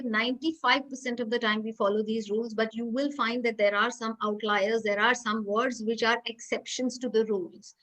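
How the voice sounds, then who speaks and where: Woman, teacher, video call, high voice, bright tone. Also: low-quality recording. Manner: explains patiently, quizzes students by name, mixes in Hindi. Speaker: English teacher. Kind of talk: online class teaching.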